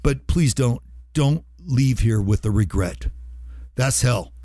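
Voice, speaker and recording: A man's voice: medium pitch, slow pace, warm tone, no echo, clean studio sound. A man hosting a radio show, talking to listeners in an earnest, emphatic way and repeating his points for stress. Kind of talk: heartfelt motivational radio talk.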